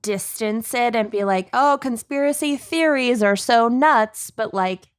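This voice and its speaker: A woman's voice: a little high, unhurried, clear, resonant tone. A woman co-hosting a podcast in casual chat, loose and chatty, swearing freely. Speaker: podcast co-host.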